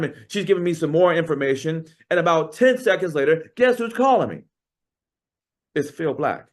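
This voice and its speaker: A man giving a keynote talk, telling a story with dramatic pauses and acting out the dialogue. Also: on the high side. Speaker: keynote speaker.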